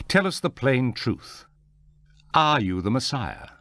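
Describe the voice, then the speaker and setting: A man's voice: medium pitch, sing-song, slow, a bit bright, no echo, pitched above the performer's own voice, exaggerated voice. A pressing, challenging crowd, read by a man. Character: a questioning crowd of adult men. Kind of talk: scripture reading.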